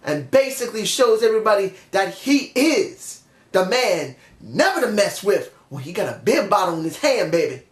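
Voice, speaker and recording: A man with a high-pitched voice talks through a show in a chatty, opinionated way. He often corrects himself mid-sentence. The sound is roomy and echoey. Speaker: wrestling show reviewer. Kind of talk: casual review monologue.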